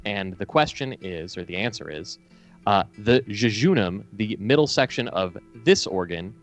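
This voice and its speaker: A man's voice: fairly low pitch, expressive, normal speed, soft background music. A man co-hosting a comedic call-in show as a mock quiz host, hesitant and full of restarts. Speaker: co-host playing game-show host. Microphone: video call setup.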